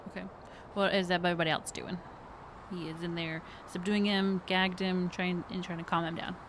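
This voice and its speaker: A woman's voice: on the low side, little pitch movement, moderate pace, background noise. A woman running a tabletop game as game master, patiently explaining the rules and laughing often.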